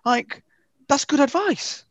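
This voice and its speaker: A British man in a casual podcast chat, ranting and swearing in an animated way. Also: very high voice, takes it slowly, dry recording.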